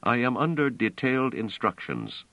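A man voicing a cold, commanding humanoid guard robot that questions its prisoners in a flat, literal manner. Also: medium pitch, normal speed, no echo, voice pushed up. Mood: menacing. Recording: dull, dry audio.

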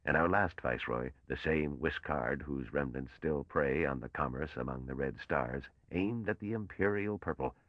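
An older man's voice, played by a man, as a bitter and weary old patrician who speaks slowly. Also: extremely low pitch, no echo, muffled recording.

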